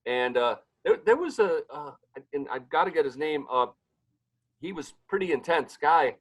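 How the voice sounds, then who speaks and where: A man's voice: on the high side, animated, moderate pace, a bit bright, low-quality recording. A man guesting on a podcast, talking casually and rambling, often trailing off while he searches for names. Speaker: guest, pizzeria owner and pizza competition emcee.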